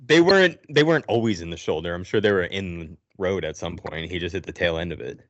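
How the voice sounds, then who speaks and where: A man's voice: low-pitched, quick pace, dry recording, muffled recording. A man hosting a podcast, recapping a movie's plot in a sarcastic, profane storytelling manner. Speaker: podcast host.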